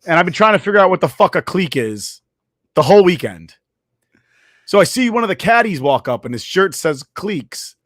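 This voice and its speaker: A man talking on a sports podcast with a slightly high voice, close and dry with no room around it. He tells his stories with animation and swears freely in casual chat. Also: sing-song, moderate pace, fairly bright tone, no room sound. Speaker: podcast co-host.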